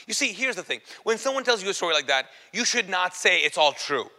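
A man giving a personal testimony to an audience, telling his story with animated, self-mocking humor. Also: high voice, a little fast, in a large hall.

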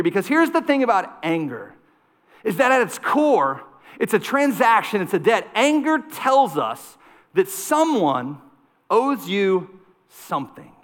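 Guy preaching, pretty high voice, lots of rhetorical questions, long echo like a big church. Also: big pitch swings, a little slow. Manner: storytelling with rhetorical questions and repetition. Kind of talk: sermon. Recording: long hall reverb.

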